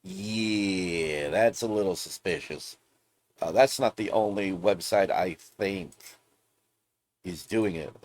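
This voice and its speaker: A lowish-voiced man rambles through an off-the-cuff gaming vlog. He is blunt and profane and loses the thread of his sentences now and then, and he keeps his tone conversational. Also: slow pace, a little mellow. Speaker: gaming video host. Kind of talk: casual ranting vlog commentary.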